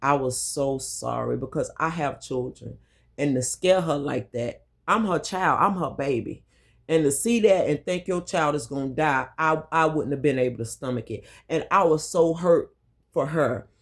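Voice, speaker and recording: A woman's voice: sits low, normal speed. A woman recounts a personal story to her viewers in a candid storytime monologue. She speaks directly to the audience and swears freely. She circles back and repeats her points for emphasis. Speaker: vlogger.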